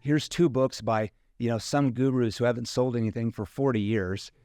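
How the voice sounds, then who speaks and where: A man's voice: medium pitch, moderate pace, a little mellow, no echo, studio quality. A man, a sales trainer guest, explaining his method in casual interview talk, dotting sentences with "you know" and "right?".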